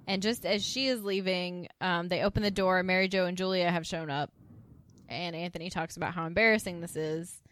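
A woman's voice: fairly low pitch, brisk. A woman co-hosting a podcast, casually recapping a TV episode and acting out the characters' lines. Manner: acts out characters' lines with lively voice shifts. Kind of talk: casual chat.

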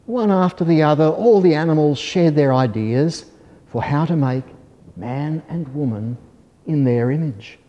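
Gentle man reading a storybook aloud. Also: fairly high pitch, lively intonation, a little slow, muffled recording. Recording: long hall reverb.

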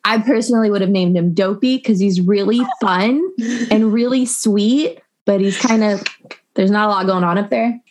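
A woman's voice: mid-range voice, moderate pace, darkish tone. A young adult woman guest on a podcast, chatting and telling stories with frequent laughs. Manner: chatty storyteller, laughs often. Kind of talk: casual chat.

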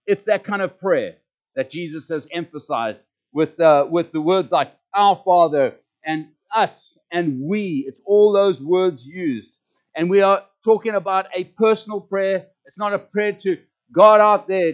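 A man's voice: sits high, moderate pace. Fervent South African man preaching. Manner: fervent, emphatic preaching with repeated words. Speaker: pastor. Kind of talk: sermon. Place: church service. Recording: dull lo-fi recording.

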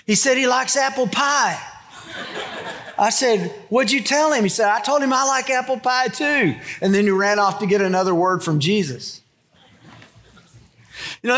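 A man's voice: a little high, fairly bright tone. A middle-aged man, a pastor preaching a sermon in a conversational way and acting out the quotes.

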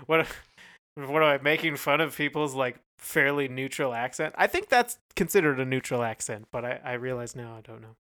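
A Californian man with a smooth, resonant voice at a middle pitch talks through a song with plenty of fillers and dry humor. He sounds unhurried and a little hesitant as he weighs his opinions. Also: expressive, sharp tone. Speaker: podcast co-host. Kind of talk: casual music review chat.

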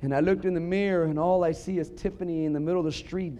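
A middle-aged man preaching a sermon, telling funny stories with punchlines and building up to emphatic shouts. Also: fairly high pitch, fairly even intonation, fast. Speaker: pastor.

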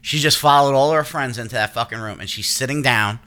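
Casual podcast host, man in his thirties, crisp bright tone, profane and animated storyteller. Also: medium pitch, brisk. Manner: animated, profane, acts out quotes in raised voice.

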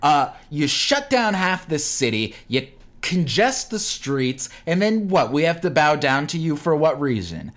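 Man co-host, heated profane rant, pitch leaping all over. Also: sing-song, unhurried, fairly bright tone. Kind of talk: casual ranting chat.

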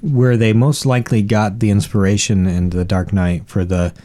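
A man's voice: lowish voice, steady tone, moderate pace, mellow. A man with an everyday mid-range voice, chatting casually about a film with friends. He is chatty and drifts into memories of childhood toys. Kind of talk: casual movie commentary chat.

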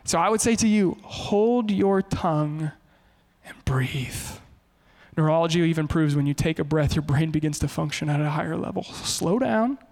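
Male pastor, high-pitched, lively preacher, big echoing hall. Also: quick pace, vocal fry, few pauses. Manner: animated, shifts into quoted voices. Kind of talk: sermon.

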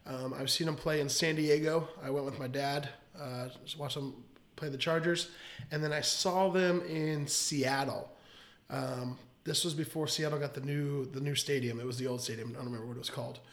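A man's voice: medium pitch, steady tone, normal speed. A man in his thirties, a podcast guest, telling long casual stories and laughing often. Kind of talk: casual chat, storytelling.

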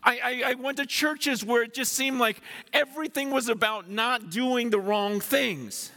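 A man preaching a sermon, excited and effusive, repeating himself as he speaks. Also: extremely high pitch, a little slow. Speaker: pastor.

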